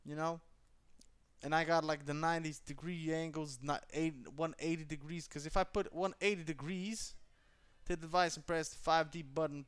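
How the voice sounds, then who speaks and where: Profane, excitable man with a high voice. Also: moderate pace, smooth. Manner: profane, excitable, thinks aloud; slangy, casual speech. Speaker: vlogger. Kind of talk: casual vlog, demonstrating a camera gimbal. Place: indoors at home.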